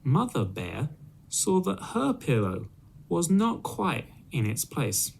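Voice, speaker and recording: A man reading a children's story aloud, clearly and expressively, for English learners. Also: a little high, huge pitch swings, slow pace, a little hiss or hum.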